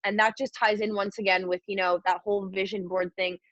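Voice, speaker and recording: A woman's voice: medium pitch, little pitch movement, fairly quick, fairly bright tone, no room sound. Young woman chatting on a video call, candid, swears a lot, kinda lo-fi dry sound. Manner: chatty and candid, swears freely, acts out inner voices. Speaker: guest mentor. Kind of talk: casual motivational talk on a group call.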